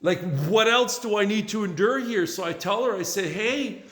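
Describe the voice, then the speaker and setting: A man's voice: high voice, a little fast, a bit bright. Exasperated man in an echoey hall. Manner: exasperated, profane, keeps saying "man". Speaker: small business owner. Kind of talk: venting monologue vlog. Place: large bare workspace under renovation. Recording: echoey hall with long reverb.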